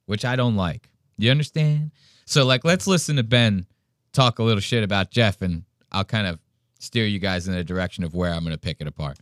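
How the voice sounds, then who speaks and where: A man's voice: medium pitch, fairly bright tone, no room sound, studio quality. A man hosting a podcast, ranting bluntly and profanely in casual commentary. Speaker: podcast host.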